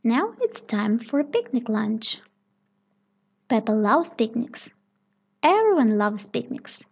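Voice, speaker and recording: Slow breathy woman reading a story. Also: fairly high pitch. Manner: slow, clear and expressive. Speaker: read-aloud narrator. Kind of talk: children's story read aloud. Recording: dull lo-fi recording.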